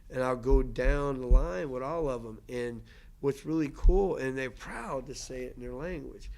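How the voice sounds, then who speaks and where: His voice is medium-pitched, creaky, and a little mellow, at a normal speed. A language teacher, he answers questions in a casual lecture with an earnest manner, restarting and repeating often.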